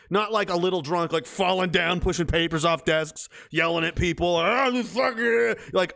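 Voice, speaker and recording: A man's voice: a little high, fairly bright tone, dry recording, clean studio sound. A man from Canada hosting a livestream, reading chat messages aloud and riffing in casual, profane commentary. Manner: swears freely, jumps from mocking rants to quick chat replies.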